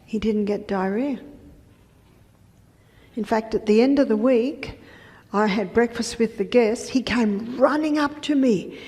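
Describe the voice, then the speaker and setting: A woman health educator giving a lecture, telling patient stories in a conversational way with soft asides. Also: fairly high pitch, slow pace, long pauses. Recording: reverberant lecture hall.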